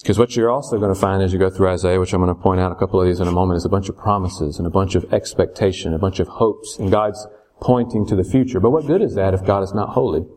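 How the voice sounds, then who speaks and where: A man's voice: deep voice, fast talker, a little mellow. A man teaching a Bible lesson in a conversational way, often checking in with rhetorical questions.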